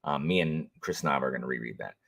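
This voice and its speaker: A man's voice: extremely low pitch, fast, creaky, fairly bright tone, slightly rough. A man chatting casually on a livestream, rambling with many fillers and restarts as he greets viewers and talks about what he is reading. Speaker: audiobook narrator and livestream host.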